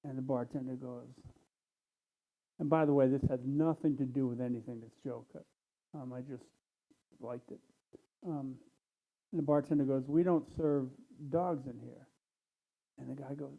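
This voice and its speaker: Man, tired, plainspoken, pausing often; thin phone-like sound. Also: mid-range voice, fairly even intonation, gravelly. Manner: unhurried, plainspoken, with many pauses and ums. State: tired, low energy. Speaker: church speaker. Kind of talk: casual talk to a congregation.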